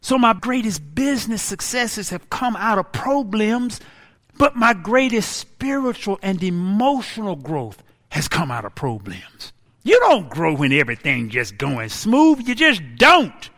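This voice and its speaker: A pastor in his sixties preaching a sermon, dramatic and animated, acting out wailing laments. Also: high voice, measured pace. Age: 60s. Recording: long hall reverb.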